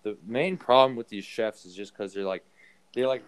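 A man's voice: mid-range voice, moderate pace, a crowd in the background. A young man in casual chat, swearing freely and acting out quoted lines as he tells stories. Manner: profane, storytelling, acts out quotes.

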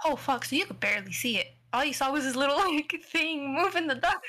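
A young woman, a podcast co-host, telling a story in casual chat, excitable and cursing freely. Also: sits high. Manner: swearing, excitable, rapid asides.

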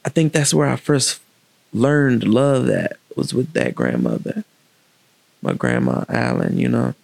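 A man telling a personal story in a candid, reflective, casual way, with halting restarts and pauses. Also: mid-range voice, lively intonation, creaky, a little mellow, no echo.

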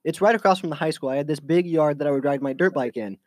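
A young man with a slightly high voice rambles through a story to his friends. He restarts often, and the sound is dry and close. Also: quick pace, no room sound. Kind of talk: casual chat among friends.

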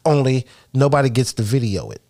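A man's voice: mid-range voice, sing-song, a little fast, a little mellow. A man co-hosting a podcast, talking in casual chat with profane, emphatic, joking banter. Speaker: podcast co-host.

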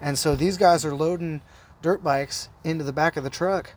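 High-voiced man telling a wild story. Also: normal speed. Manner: animated, heavy swearing, rambling. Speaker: podcast guest. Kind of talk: casual storytelling.

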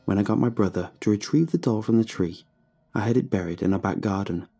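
A man narrating a scripted horror story with a very dark, mellow tone and plenty of gravelly fry, his delivery tense and dramatic with breathless rises. His voice has a husky edge, and faint music plays quietly behind him. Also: lowish voice, brisk.

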